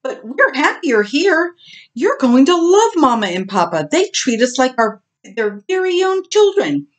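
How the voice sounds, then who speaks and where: A woman's voice: sits high, big pitch swings, measured pace, pitched above the performer's own voice. A woman doing Ollie, a consoling kind pig.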